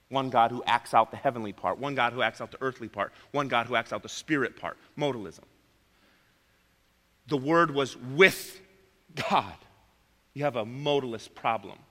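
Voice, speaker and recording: A man's voice: mid-range voice, a bit bright. Emphatic preacher man in a reverberant hall. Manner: emphatic, repeats key phrases, addresses listeners as friends. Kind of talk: sermon.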